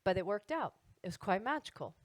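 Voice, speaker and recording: A woman who teaches wellness, telling a personal story to an audience in an animated, casual way. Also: medium pitch, brisk, no echo, poor audio.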